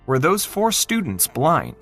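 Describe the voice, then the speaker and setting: A man narrating a fantasy novel in an expressive, dramatic reading style. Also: fairly high pitch, a little slow, faint music behind. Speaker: audiobook narrator.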